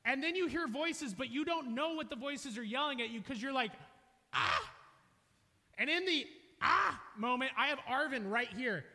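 A young man preaching a sermon, telling a funny story loudly, with an animated, self-mocking manner. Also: very high-pitched, fairly quick, hardly any pauses. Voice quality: loud, energetic. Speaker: pastor. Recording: reverberant hall.

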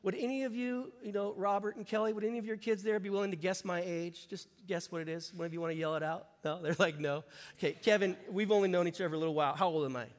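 High-voiced pastor in his fifties. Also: quick pace, hardly any pauses. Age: 50s. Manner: animated, humorous, talks to the congregation. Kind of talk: sermon. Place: church sanctuary. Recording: long reverb of a church hall.

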